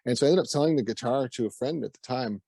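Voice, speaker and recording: A man's voice: medium pitch, quick pace, gravelly, dark tone, no echo. A Canadian man with a Canadian accent, a musician guest telling stories in a casual interview and laughing often. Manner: laughs often, acts out quoted voices.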